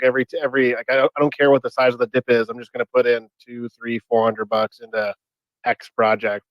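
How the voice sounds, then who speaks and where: A man's voice: mid-range voice, no room sound, highs cut off. A man co-hosting a casual podcast, talking in a laid-back way with many fillers. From Canada. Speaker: podcast co-host.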